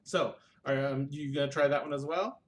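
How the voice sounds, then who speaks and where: A man narrating as game master over a video call, easygoing and relaxed. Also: a little high, normal speed, slight background noise.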